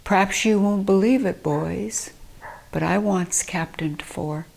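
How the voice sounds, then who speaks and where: A woman voicing a trembling old man who was once a fire captain, reciting softly in a poem. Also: medium pitch, takes it slowly, gravelly. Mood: wistful.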